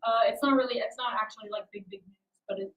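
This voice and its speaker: A woman's voice: a little high, steady tone, fast talker, a bit bright, highs cut off, faint music behind. A young adult woman hosting a casual livestream, rambling and self-deprecating as she chats with her viewers. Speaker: livestream host.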